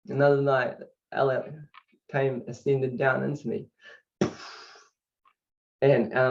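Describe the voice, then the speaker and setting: A man's voice: medium pitch, darkish tone. A man telling his personal spiritual story to camera, fervent and rambling, with restarts and bursts of laughter. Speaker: channel host sharing his story. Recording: distant mic, dull lo-fi sound.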